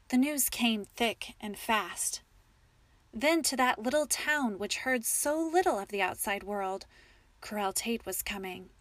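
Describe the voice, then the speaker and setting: Woman narrator, audiobook storytelling, calm and measured, slightly high voice, dry close sound. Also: no echo.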